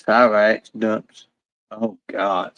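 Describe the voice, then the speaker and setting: A middle-aged man with a gravelly, creaky voice, chatting casually while reacting to a video. He rambles, laughs often and swears a lot. The recording sounds dull and dry. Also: lowish voice, flat delivery, very slow, a bit bright, dry recording.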